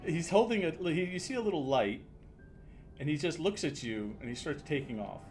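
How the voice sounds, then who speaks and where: A man runs a tabletop game as dungeon master, his fairly high voice swinging up and down as he narrates. He halts often with fillers and slips into laughter, with faint music behind. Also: expressive, normal speed, darkish tone.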